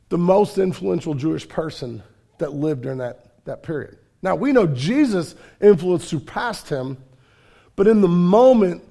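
A man's voice: on the high side, creaky, mellow. A man preaching a sermon as pastor, telling the story in a casual, conversational way with fillers and repeated words.

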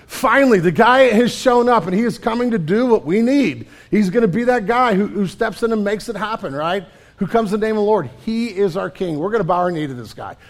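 A man preaching a conversational sermon as a pastor, often dropping to a quiet, low delivery.

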